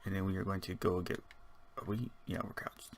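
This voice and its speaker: A man's voice: deep voice, fairly even intonation, a little fast, a little hiss or hum. A man giving rambling, casual let's-play commentary, chatting and muttering to himself as he builds. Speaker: gaming channel host.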